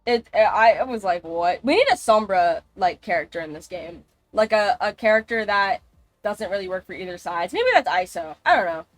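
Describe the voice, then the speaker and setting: A woman's voice: mid-range voice, animated, moderate pace, no echo. Chatty woman streamer, dry close sound. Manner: rambling, chatty, swears freely. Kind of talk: casual gaming livestream chat.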